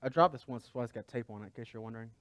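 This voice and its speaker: A man's voice: medium pitch, racing, smooth, no room sound. A man pastor giving a conversational sermon, asking the congregation rhetorical questions.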